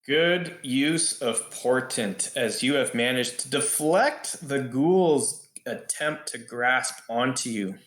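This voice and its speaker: A game master narrates a tabletop battle at an unhurried, deliberate pace. His voice carries a noticeable room echo. He stretches out his descriptions for drama. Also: medium pitch, fairly bright tone.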